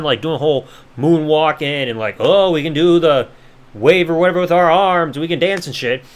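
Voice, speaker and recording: A man's voice: fairly high pitch, fairly bright tone. A man hosting a podcast, reviewing a wrestling show in a casual way, swearing and making sarcastic asides. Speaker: podcast host.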